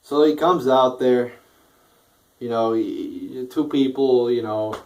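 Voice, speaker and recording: A man's voice: mid-range voice, slow, a little mellow, recorded from a distance, rough recording. A sleepy man ranting casually and profanely as a wrestling show reviewer, rambling with restarts and yawning.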